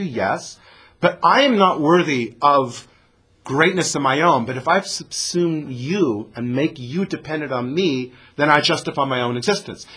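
Lively guy teaching scripture, reads hebrew then explains it, bright kinda husky voice. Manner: animated, reads Hebrew verses then translates, acts out the speakers with rising pitch. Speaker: Torah teacher. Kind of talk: Bible class lecture.

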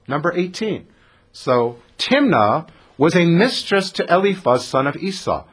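A man's voice: fairly high pitch, very animated, unhurried, slightly rough. A man teaching a scripture class to a group, telling the story with acted-out lines and questions to the listeners. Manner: storytelling teacher who acts out the characters and quizzes the audience. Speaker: rabbi teaching a Torah class. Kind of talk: animated Torah lecture.

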